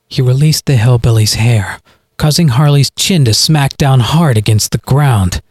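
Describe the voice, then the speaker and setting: A man reading his own audio story aloud as its narrator, in a dramatic, expressive way. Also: mid-range voice, a little slow, husky, no echo, clean studio sound. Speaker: podcast author and narrator.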